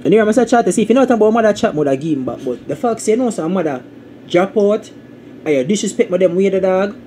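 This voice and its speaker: A man with a Jamaican accent live-streaming to his viewers, repeating catchphrases and breaking into sudden high, loud outbursts. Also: expressive, fast talker, slight background noise. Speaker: game streamer.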